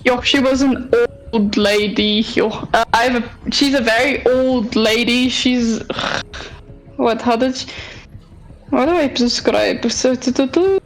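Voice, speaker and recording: A woman's voice: fairly high pitch, slow, faint music behind, low-quality recording. A woman playing in a tabletop game, talking in a rambling, hesitant way. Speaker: player. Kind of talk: casual play.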